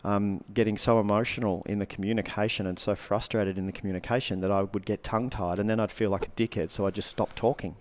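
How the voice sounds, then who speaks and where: A man's voice: on the low side, steady tone, quick pace, hardly any pauses. A man, a coach and speaker, talking casually on a podcast. He swears freely and acts out the reactions he describes.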